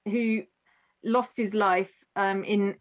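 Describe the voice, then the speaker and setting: A woman hosting a podcast, telling a story in a halting way with many restarts. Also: mid-range voice, steady tone, dull audio. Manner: halting, many restarts, moved close to tears. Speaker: podcast host. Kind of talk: emotional storytelling in conversation.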